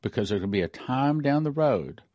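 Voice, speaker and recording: A man's voice: medium pitch, expressive, a little fast, dark tone, no echo. Emphatic middle-aged man, dry close sound. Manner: emphatic, rereads and repeats points. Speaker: commentator. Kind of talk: prophecy-minded news commentary.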